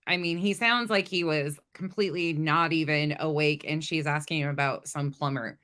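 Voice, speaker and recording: A woman's voice: low voice, steady tone, moderate pace, few pauses, fairly bright tone. A woman hosting a commentary channel, talking bluntly and confrontationally with lots of profanity. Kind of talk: casual reaction commentary.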